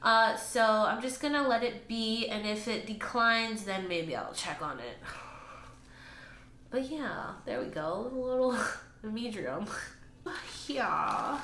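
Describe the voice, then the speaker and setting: A woman talks through her plant care in a chatty, expressive vlog, now and then speaking right to her plants. Her voice sits a little high. The room is echoey, with a faint hum of ambient noise behind her. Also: takes it slowly. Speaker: plant vlogger. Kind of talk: casual vlog narration.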